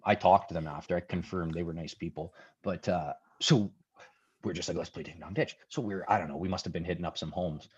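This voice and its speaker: A man in his twenties telling stories as a podcast guest, profane and animated. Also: deep voice, brisk, slightly rough, highs cut off. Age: 20s. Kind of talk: casual storytelling chat.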